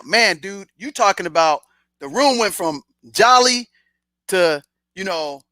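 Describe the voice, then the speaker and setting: Animated, bright-voiced man telling a story. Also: high-pitched, normal speed, no room sound. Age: middle-aged. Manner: animated, streetwise, acts out quoted dialogue. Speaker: podcast host telling a personal story. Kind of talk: casual storytelling.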